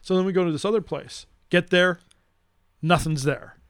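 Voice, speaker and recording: A middle-aged man telling a long road-trip story in casual chat, rambling and animated with restarts. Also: sits high, moderate pace, no echo, clean studio sound.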